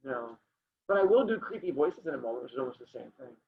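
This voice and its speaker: A man's voice: medium pitch, very animated, quick pace, vocal fry, very noisy. A male teacher reading a story aloud to his class over a video call, joking with the students between passages. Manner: playful, joking asides to students. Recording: dull lo-fi sound.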